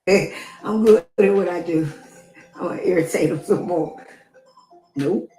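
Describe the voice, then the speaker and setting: A woman's voice: fairly low pitch, a little slow, mellow, faint music behind. Crude, teasing woman in an echoey room. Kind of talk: casual reaction chat.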